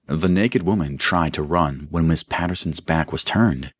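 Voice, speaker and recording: Deep husky guy narrating an audiobook, dry sound, pitch moves around a lot. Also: normal speed, hardly any pauses, fairly bright tone, no echo. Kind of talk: audiobook reading of a crime novel.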